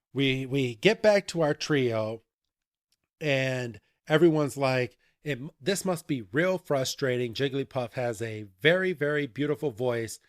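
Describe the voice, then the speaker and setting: A man hosting a podcast, retelling a cartoon episode in an animated, chatty way and laughing often. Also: mid-range voice, no room sound, clean studio sound. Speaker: podcast host. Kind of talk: casual podcast recap.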